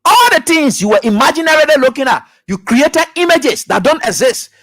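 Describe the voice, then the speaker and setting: A high-voiced man with a Liberian English accent holds forth on a talk radio show like a preacher. He repeats his points with force, rising to loud shouts and dropping to low mutters. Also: big pitch swings, fairly quick. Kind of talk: preaching commentary.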